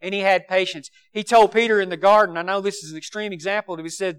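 A man preaching a sermon with passion, swinging between loud emphasis and quiet asides. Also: high voice, fairly even intonation, fast, few pauses, clear, resonant tone.

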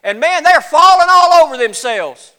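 A man preaching a sermon in a folksy, animated storytelling way, his voice getting cracky. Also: extremely high pitch, moderate pace. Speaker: pastor.

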